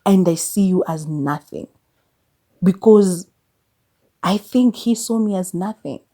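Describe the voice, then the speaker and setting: A Kenyan woman in her thirties reflects on her life in a podcast monologue. Her voice sits a little low and sounds warm and soft rather than bright. She speaks candidly, mixing in Swahili phrases, and now and then pushes her point with exasperated emphasis. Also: slow. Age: 30s. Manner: mixes English with Swahili phrases. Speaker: podcast host.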